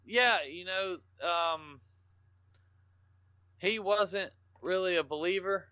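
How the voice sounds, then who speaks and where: A man with a high, bright, forceful, smooth voice speaks slowly, with no echo on the sound. He's a podcast guest telling rambling, salty, joking stories in a casual storytelling interview, recorded in dull lo-fi podcast audio.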